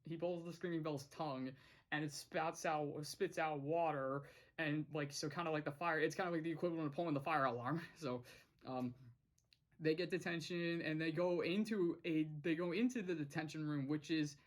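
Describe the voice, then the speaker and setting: A man's voice: a little high, steady tone, moderate pace. A man casually recapping a cartoon episode in a rambling way, chuckling often and restarting his sentences. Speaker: show reviewer.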